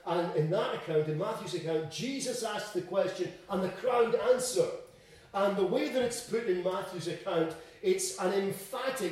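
A man preaching a sermon in a church, emphatic, swinging between loud and quiet to drive home his points. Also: sits high, normal speed. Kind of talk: expository sermon. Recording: echoey room, distant mic.

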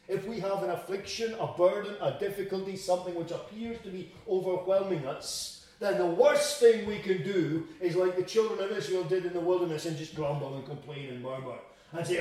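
A man's voice: a little high, dark tone, distant mic. Man preaching in an echoey room. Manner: reads scripture aloud, then explains it plainly. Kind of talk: sermon.

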